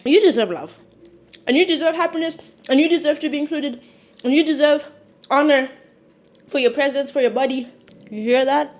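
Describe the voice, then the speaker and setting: Chatty young woman with sudden loud bursts. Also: high-pitched, slight background noise. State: sniffling. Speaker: vlogger. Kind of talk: casual chat while cooking and eating. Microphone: clip-on mic.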